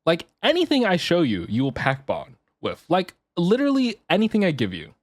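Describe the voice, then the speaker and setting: Animated, lively-pitched male streamer. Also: brisk, no echo. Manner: animated, swears and laughs often, rants half-jokingly. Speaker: VTuber streamer. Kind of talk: casual live-stream chat.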